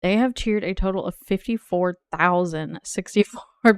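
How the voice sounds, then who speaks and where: Playful woman streamer, smooth voice. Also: lowish voice, moderate pace, no echo, clean studio sound. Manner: playful, teasing, laughs often. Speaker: game streamer. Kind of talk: casual live-stream chat.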